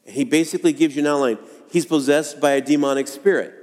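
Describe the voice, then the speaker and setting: A man preaching a sermon to a congregation, earnest and dramatic, acting out quoted lines with pauses. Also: a little high, a little mellow. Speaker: pastor. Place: church sanctuary. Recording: long hall reverb.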